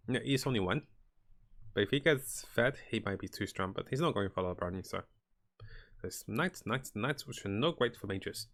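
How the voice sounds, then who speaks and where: A man giving casual commentary on a strategy game as he plays, thinking aloud in a relaxed way. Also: on the low side, moderate pace, gravelly, a little hiss or hum. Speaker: gaming commentator. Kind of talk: casual live gameplay commentary.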